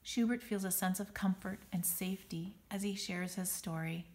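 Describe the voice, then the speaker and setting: A woman reading a children's picture book aloud, expressive and dramatic on the sound words. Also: medium pitch, normal speed. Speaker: storybook reader.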